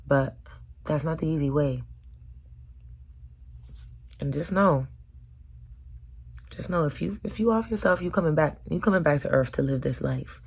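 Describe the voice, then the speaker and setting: A young woman talking earnestly to her viewers in a personal vlog, her voice hoarse from screaming, moving between loud urging and soft near-whispers. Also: low voice, moderate pace, pauses often. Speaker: vlogger.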